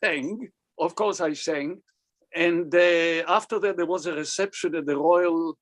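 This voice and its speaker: A man's voice: fairly high pitch, a little slow. An older man, a cantor, recounting anecdotes in an interview, acting out the dialogue he quotes. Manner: animated, acts out quoted dialogue. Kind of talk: anecdotal storytelling.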